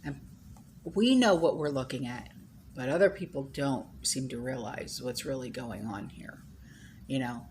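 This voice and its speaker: A woman's voice: rumbling low, unhurried, a little mellow, a little hiss or hum. A woman hosting her own channel, chatting casually to viewers in a rambling way, full of "you know" and "okay?". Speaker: channel host.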